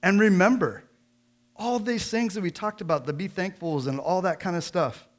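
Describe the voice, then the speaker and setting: A middle-aged man preaching a sermon in church, swinging between joking folksy asides and loud, emphatic scripture reading. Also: high voice, moderate pace. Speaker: pastor.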